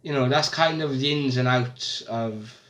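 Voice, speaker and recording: A young man chatting on a vlog in a dry, self-deprecating way. His voice sits at an ordinary pitch, and the room adds plenty of echo. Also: a little slow, fairly bright tone. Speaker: vlogger. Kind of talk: casual chat. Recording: echoey room.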